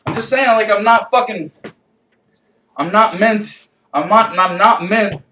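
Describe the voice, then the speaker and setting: A man doing a rambling, profane comedy rant, bursting into loud shouting. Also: sits high, measured pace. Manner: swings into loud shouted outbursts; profane, rambling, self-mocking. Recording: echoey room, voice a bit far from mic, faint noise.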